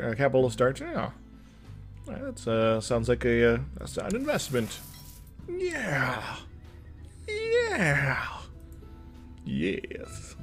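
A young man talking his way through a strategy game in a loose, rambling let's-play style, his pitch jumping around animatedly. He mumbles, hums little tunes and chuckles to himself between thoughts. Soft guitar music plays faintly underneath. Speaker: gameplay commentator. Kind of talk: casual let's-play commentary. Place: indoor room with loud trucks outside.

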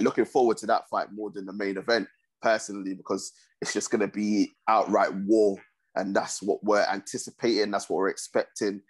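A man hosting a casual sports podcast, talking in a steady, measured way. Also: lowish voice. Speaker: podcast host.

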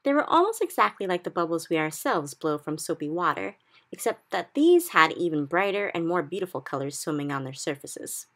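A woman reads a children's chapter book aloud at an even pace. Her voice is low with a gravelly edge, and her narration stays steady. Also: fairly quick. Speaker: reader. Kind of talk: storybook read-aloud.

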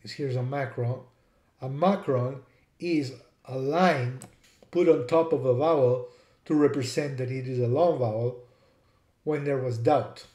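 Slow, mellow-voiced man teaching. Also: mid-range voice, roomy sound. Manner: spells words out letter by letter, repeats sounds to demonstrate. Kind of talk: explanatory lesson.

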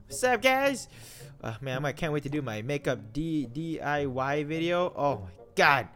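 Excitable young gamer, lively pitch. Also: male voice, measured pace, faint music behind. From Philippines. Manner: excitable, jokey, yelps when startled. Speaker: gaming YouTuber. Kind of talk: horror game commentary.

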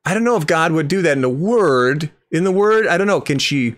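A man's voice: on the high side, animated, brisk. A man commenting on a video clip, incredulous and critical, rambling and restarting his sentences.

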